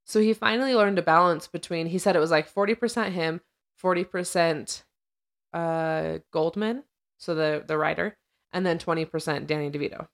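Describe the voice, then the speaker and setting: A chatty woman podcast host with a slightly low voice, retelling movie scenes and trivia between easy laughs. She talks casually, like she's chatting with a friend. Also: moderate pace. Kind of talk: casual chat recapping a film.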